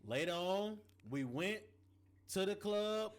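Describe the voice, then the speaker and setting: A man on a podcast telling a story in casual chat, animated and slangy with lots of asides. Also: high-pitched, slow.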